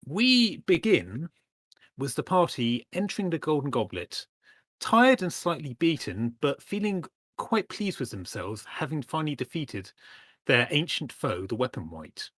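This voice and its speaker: A man's voice: medium pitch, very animated, moderate pace, a bit bright, breathy edge, no echo. A man standing in as game master, narrating a tabletop game with many ums and apologies.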